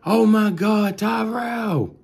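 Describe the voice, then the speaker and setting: A panicked mother cries out in a high, strained voice, as a man puts her on while telling a story. She sounds shrill and frantic, the pitch jumped well above his natural register. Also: takes it slowly, darkish tone, breathy edge. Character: panicked mother, middle-aged woman.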